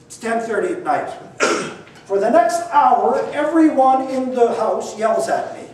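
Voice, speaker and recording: An older man with a high voice tells a story to a live audience in an animated, blunt, wry way. He is picked up from far off, and the room rings with heavy echo. A faint room hum sits underneath. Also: measured pace. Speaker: speaker telling a story to an audience. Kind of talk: lively spoken storytelling. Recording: very echoey, mic far off, faint ambience.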